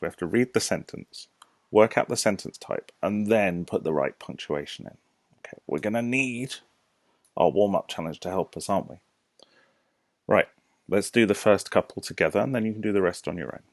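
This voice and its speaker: A man with a British accent, a primary school teacher giving a recorded lesson to young children, explaining slowly and patiently with questions to the class. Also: deep voice, no room sound. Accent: British English. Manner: slow, clear, patient explaining with rhetorical questions.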